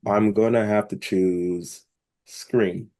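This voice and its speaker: A very deep-voiced man co-hosts a casual movie podcast. He hesitates with fillers, then rushes through his points in a fairly quiet voice. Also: fairly even intonation. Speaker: podcast co-host.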